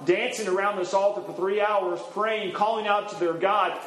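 A man's voice: sits high, steady tone, moderate pace, fairly bright tone. A man in the role of pastor giving a sermon, teaching from the Bible in a conversational way with frequent fillers. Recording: roomy echo.

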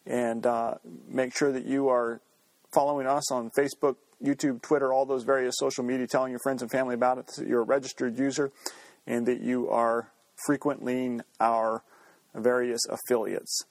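A man's voice: medium pitch, level tone, normal speed, no room sound. A male pastor hosting his show, giving a matter-of-fact introduction with fillers. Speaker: podcast host and pastor.

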